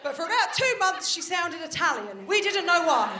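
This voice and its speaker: A woman's voice: very high-pitched, big pitch swings, moderate pace, bright, forceful tone, some chatter behind. A woman performing a live stand-up routine, chatty and confiding, swearing casually. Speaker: stand-up comedian. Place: comedy venue stage with live audience. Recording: roomy live venue with audience noise.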